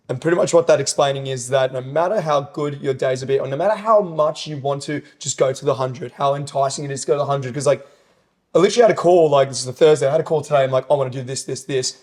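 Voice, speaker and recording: A man's voice: medium pitch, quick pace, a little mellow. A personal trainer on a laid-back podcast, explaining his ideas with eager, rambling energy. He swears casually and circles back to his points as he talks. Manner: enthusiastic, rambling, swearing, quoting sayings.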